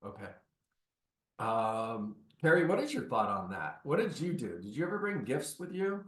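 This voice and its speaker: Man, real estate coach, direct and instructive, mid-pitched, echoey room, video call. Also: big pitch swings, normal speed, a bit bright. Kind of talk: coaching session.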